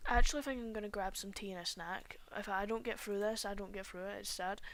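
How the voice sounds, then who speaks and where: A woman's voice: mid-range voice, quick pace, a bit bright, slight background noise. A young woman, chatting casually and rambling while she draws on a stream, recorded on a cheap home microphone. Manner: rambling, chatty, often trails off mid-sentence. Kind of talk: casual chat while drawing.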